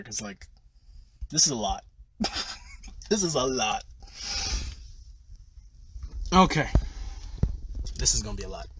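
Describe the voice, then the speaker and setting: A sleep-deprived man with a medium-pitched, breathy-edged voice livestreams on his phone from a room at home. In this casual livestream rant, he gushes and rambles about movies, swearing freely.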